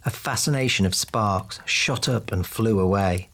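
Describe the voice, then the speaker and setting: A man narrating a fantasy audiobook in a steady, even way. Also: lowish voice, a little slow.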